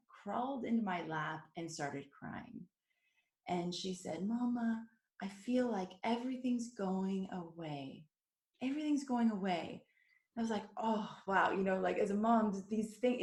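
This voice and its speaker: A woman hosting a podcast, chatting earnestly and sharing family stories. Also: fairly high pitch. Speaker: podcast host. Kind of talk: casual podcast conversation. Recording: roomy echo.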